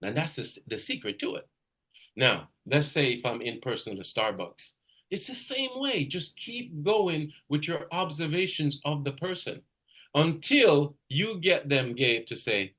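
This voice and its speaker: A male sales coach leads a live training call, his pitch swinging widely as he drives each point home. He talks directly to a trainee, repeating key phrases and raising his voice for emphasis. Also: normal speed. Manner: energetic and emphatic, loud bursts of emphasis. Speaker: real estate sales coach.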